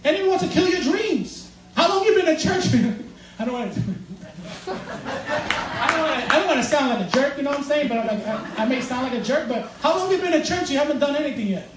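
A man preaching a sermon in a church, loose and joking, laughing through his points. His voice sits high and moves fast. The mic is set back, so the sound is roomy with faint noise behind. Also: expressive, distant mic. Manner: casual, joking, laughs often while preaching. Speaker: pastor.

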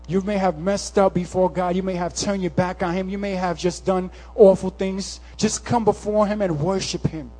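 A man preaching a sermon, swinging from impassioned, near-shouted calls to hushed, conversational storytelling. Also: high-pitched, fairly even intonation, moderate pace, few pauses. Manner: impassioned, rising to near-shouts, then softening to a hush; casual, conversational storytelling with slang.

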